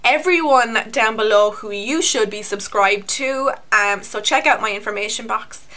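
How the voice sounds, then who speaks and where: A woman's voice: fairly high pitch, moderate pace, sharp tone. A young Irish woman with an Irish accent chatting to camera in a casual, rambling beauty vlog, with a self-mocking streak. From Ireland. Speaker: beauty YouTuber.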